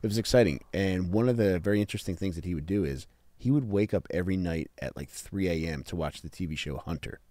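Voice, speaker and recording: A man's voice: sits low, fast talker, hardly any pauses, dark tone, no echo. A man hosting a casual podcast, retelling a story with crude jokes and lots of swearing. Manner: crude, joking, profane storyteller. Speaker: podcast host telling the story.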